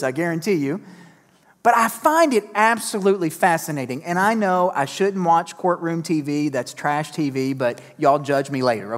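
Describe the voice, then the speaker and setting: Revved-up pastor preaching in a reverberant hall. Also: male voice, high-pitched. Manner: energetic, emphatic repetition with self-deprecating asides. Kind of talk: sermon. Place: church sanctuary. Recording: long reverb of a church hall.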